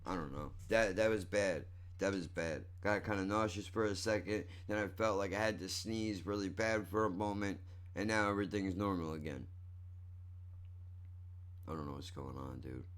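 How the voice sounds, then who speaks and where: A man's voice: lowish voice, moderate pace, a bit bright, clean tone. A young man doing an unscripted, profane and self-mocking comedic rant into a close desk microphone at home. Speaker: comedian vlogger. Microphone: close desk mic.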